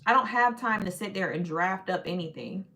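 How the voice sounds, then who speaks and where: A woman hosting a casual livestream, talking in an animated, sassy, teasing way. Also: mid-range voice, fairly quick. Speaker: livestream host.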